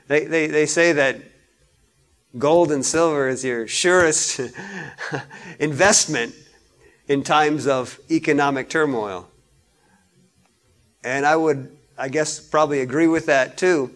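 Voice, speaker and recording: A man's voice: a little high, unhurried, long pauses. Man preaching a conversational sermon. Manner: conversational preaching, rises loud on scripture readings. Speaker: pastor.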